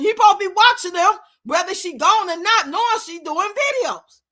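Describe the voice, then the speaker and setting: Woman streamer, high and sharp, cursing freely through a casual rant. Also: lively intonation, normal speed. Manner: blunt, profane, rants and scolds with lots of swearing. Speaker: streamer and commentator. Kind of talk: casual live-stream commentary. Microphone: streaming mic.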